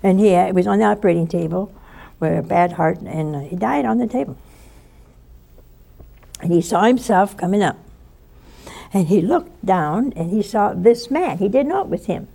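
A woman giving a spoken sermon, telling a story in an animated way and acting out the voices of the people in it. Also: mid-range voice, moderate pace, creaky, pauses often. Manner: animated storyteller who acts out quoted voices.

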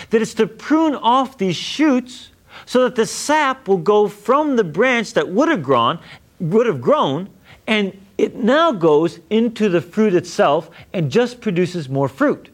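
Animated man teaching scripture. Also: high voice. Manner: paraphrases verses in plain everyday speech. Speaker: Bible teacher. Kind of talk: scripture lecture.

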